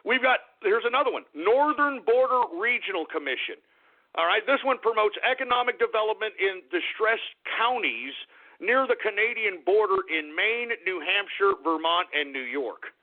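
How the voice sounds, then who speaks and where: A man's voice: sits high, lively intonation, moderate pace. Exasperated man on a tinny line. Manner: exasperated, sarcastic, mocking asides. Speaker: political commentary host. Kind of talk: ranting commentary.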